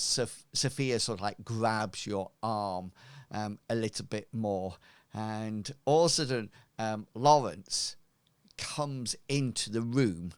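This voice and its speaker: A man narrating as game master in an online tabletop game, casual and halting with many fillers. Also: on the low side, clear, resonant tone, dry recording.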